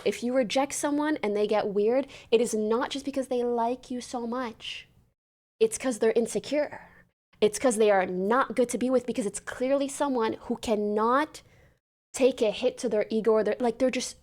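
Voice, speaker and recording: A woman with a slightly high voice hosts a casual livestream and talks straight to her viewers. She tells the story in an animated way, swears freely and slips into quoted lines as she goes. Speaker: livestream host.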